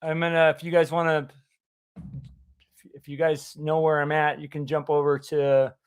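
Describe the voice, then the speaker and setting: Male livestream host, slightly high voice, casual, halting delivery. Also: level tone, smooth. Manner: halting, full of fillers and restarts.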